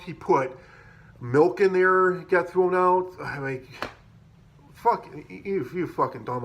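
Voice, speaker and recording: Guy rambling through kitchen stories, kinda high voice, lots of ums and cursing. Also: a bit bright. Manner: rambling, profane, with many fillers and restarts. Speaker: podcaster telling work stories. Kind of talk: casual storytelling monologue.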